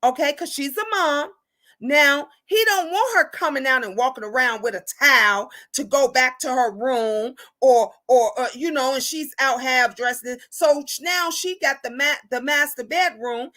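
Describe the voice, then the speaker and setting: A woman's voice: sits high, moderate pace, sharp tone. A middle-aged woman hosting a casual livestream chat with viewers, talking bluntly and animatedly, often tagging "okay?" onto her points. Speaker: livestream host.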